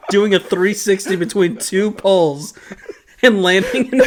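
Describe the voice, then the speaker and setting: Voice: medium pitch, moderate pace. A podcast co-host chatting casually, teasing the other host and laughing often. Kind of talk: casual chat.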